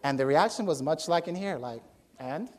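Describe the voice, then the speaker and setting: A man preaching a sermon as a story, acting out voices with sudden high shouts and laughter. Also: expressive, brisk.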